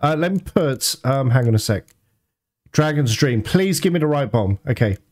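A man commenting on his gameplay, reacting with excited, panicky outbursts. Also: medium pitch, normal speed. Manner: excitable, panicky outbursts and laughter mid-fight. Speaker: let's play gamer.

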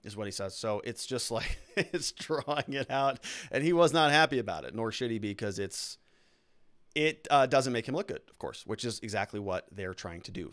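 A man's voice: medium pitch, a bit bright. A man hosting a show, giving casual legal commentary on courtroom testimony and explaining it step by step. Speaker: lawyer hosting a trial analysis show.

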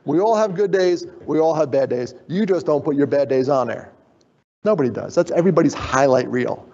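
A man's voice: a little high, animated, a little fast, creaky, darkish tone, breathy edge. A middle-aged man gives a motivational conference talk. He jokes with the crowd and gets them involved, then turns earnest. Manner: jokey, draws in the audience, then turns earnest. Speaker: keynote speaker. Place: conference hall. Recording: dull, echoey hall sound.

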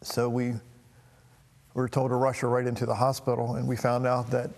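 A middle-aged man telling a personal family story in a halting, emotional way, with frequent restarts. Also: mid-range voice, completely flat delivery, vocal fry, darkish tone, long reverb tail. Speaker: talk show host.

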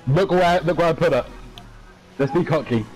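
A man's voice: on the high side, normal speed, darkish tone, faint music behind, rough recording. A young man chatting while gaming, cheeky and teasing. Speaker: gamer. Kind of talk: casual gaming chat.

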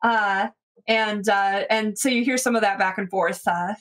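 A woman's voice: medium pitch, steady tone, unhurried, a bit bright. A woman narrating as game master in a tabletop game, talking loosely with plenty of fillers.

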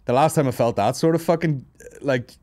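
A man's voice: medium pitch, brisk, a little mellow, no echo. A Northern Irish man hosting a podcast, telling a rambling comic story, swearing a lot and laughing often, hungover and tired. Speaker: podcast host. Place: office.

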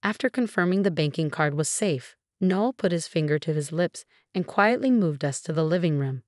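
Woman narrator, scripted storytelling, steady and even, lowish voice, dry close recording. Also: normal speed, few pauses, no echo.

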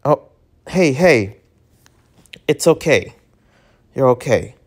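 A man voicing a kind teenage boy who speaks gently and soothingly. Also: mid-range voice, lively intonation, slow pace. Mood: gentle.

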